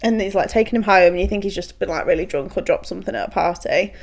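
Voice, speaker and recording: A woman's voice: mid-range voice, fast, vocal fry. Young woman, podcast co-host; mid-range voice, casual step-by-step plot recap. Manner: narrates plot step by step, playful. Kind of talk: casual chat.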